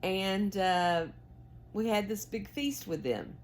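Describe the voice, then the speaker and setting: A woman's voice: medium pitch, slow pace. A woman with a Southern US accent, chatting in a rambling, folksy way to her viewers while she knits. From United States. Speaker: knitting vlogger. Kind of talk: casual chat while knitting.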